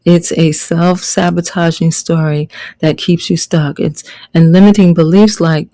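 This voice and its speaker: A woman's voice: lowish voice, fairly even intonation, a little slow, mellow, rough recording. A middle-aged woman life coach teaching a motivational online lesson, preaching and repeating her key phrases for emphasis.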